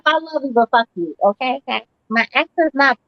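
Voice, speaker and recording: High, lively woman with a Chicago accent. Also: brisk, no echo. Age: older. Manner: blunt, profane, animated. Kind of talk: casual podcast chat. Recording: dry, dull lo-fi sound.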